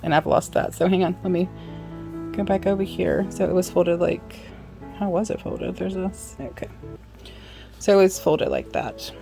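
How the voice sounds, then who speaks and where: Woman, low register, casual hands-on sewing tutor with chatty asides; light music underneath. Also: moderate pace, creaky, warm tone. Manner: chatty, apologetic asides, talks while working. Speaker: sewing instructor. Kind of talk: casual how-to demonstration.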